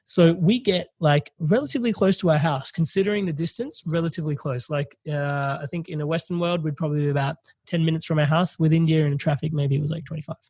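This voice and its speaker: Animated man telling a story. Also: on the high side, fast talker, hardly any pauses, no echo. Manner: animated, swearing, laughing through a story. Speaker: podcast host. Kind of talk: casual storytelling.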